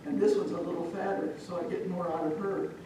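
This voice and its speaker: A woman's voice: lowish voice, fairly even intonation, a little fast, dark tone, a little hiss or hum, natural voice. A woman voicing a sly, hungry cat muttering his plans, heard from far off in an echoey hall. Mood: greedy. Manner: scheming, muttering to himself.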